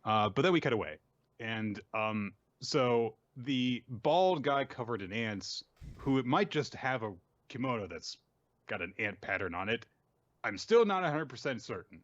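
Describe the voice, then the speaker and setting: A man casually recapping manga chapters on a podcast, often jumping into quick voiced lines. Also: mid-range voice, lively intonation, no room sound, dull audio. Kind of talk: casual chat.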